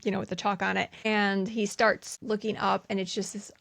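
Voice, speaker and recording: Gravelly-voiced woman recapping a movie. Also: medium pitch, flat delivery, a bit bright, no room sound. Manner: chatty, recounts scenes with quick quoted bits. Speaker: podcast co-host. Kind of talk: casual movie recap chat.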